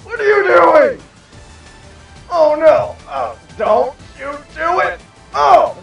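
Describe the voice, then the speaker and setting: A man playing a hot-tempered fat mad scientist, shrill and gravelly, spitting out sputtering outbursts. The voice drawls slowly, heard from off the mic in an echoey room. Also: lively intonation, muffled recording, faint music behind, exaggerated voice. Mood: outraged. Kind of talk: improvised comedy fan dub. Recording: echoey, distant home mic.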